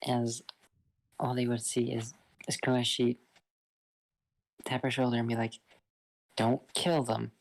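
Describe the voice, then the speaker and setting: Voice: mid-range voice, monotone, measured pace, pauses often. A person casually retelling a fan-fiction story, rambling and loose with lots of fillers.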